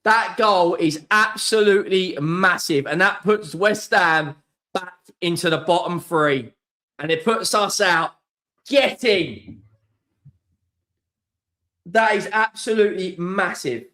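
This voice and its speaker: A young man hosting a live football watchalong, excitable and sweary, swinging between shouts and mutters. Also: sits high, slow, pauses often. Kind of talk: live match watchalong reaction.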